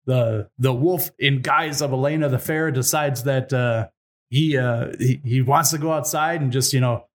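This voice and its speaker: A man's voice: medium pitch, moderate pace. Chatty man retelling a folk tale. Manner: animated, chatty, laughs often, slangy. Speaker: storyteller.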